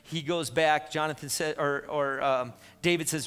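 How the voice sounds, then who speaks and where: A man's voice: on the high side, fairly even intonation, moderate pace, hardly any pauses, a bit bright, smooth, long reverb tail. A man preaching a sermon as pastor, in an emphatic, conversational way with asides to the congregation. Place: church sanctuary.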